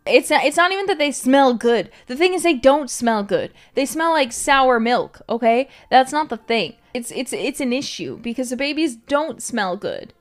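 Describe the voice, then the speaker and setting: A woman's voice: high-pitched, animated, normal speed, hardly any pauses, faint music behind. A woman streamer rambling in casual late-night chat, giggling often and filling her talk with "like". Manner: rambling, giggly, filler-heavy "like".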